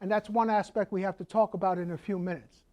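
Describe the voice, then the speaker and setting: A woman's voice: medium pitch, fairly even intonation, fast talker, dark tone. A woman, an accountant giving a conversational lecture that she explains with rhetorical questions and asides.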